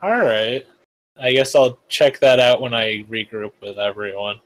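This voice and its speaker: A man playing a tabletop game, speaking hesitantly with pauses. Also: mid-range voice, low-quality recording. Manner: hesitant, halting speech. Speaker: player. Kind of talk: casual tabletop play.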